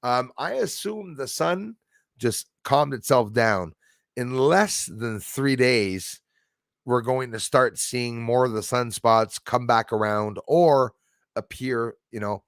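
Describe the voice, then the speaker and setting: A man's voice: medium pitch, slow, vocal fry, no echo, studio quality. A man hosting a casual livestream, chatting with viewers by name and often stumbling over his words. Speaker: livestream host reading chat.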